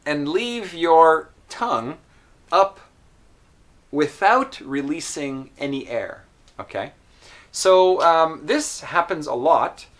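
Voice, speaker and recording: A man teaching an English pronunciation lesson, patient and clear, with frequent ums and spoken demonstrations of sounds. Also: a little high, animated, slow, a bit bright.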